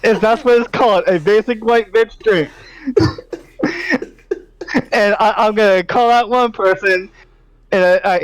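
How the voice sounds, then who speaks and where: In a low-quality recording, a high-pitched male podcast co-host launches into an exasperated, profane rant. He swears often and keeps falling back on "like."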